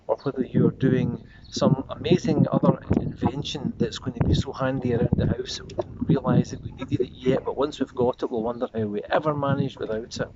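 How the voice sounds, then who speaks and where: Male pastor, earnest devotional tone, reflective refrains, slightly muffled recording with faint hiss. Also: mid-range voice. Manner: earnest, slows and softens on repeated refrains. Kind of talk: devotional sermon. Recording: slightly dull lo-fi audio with faint noise.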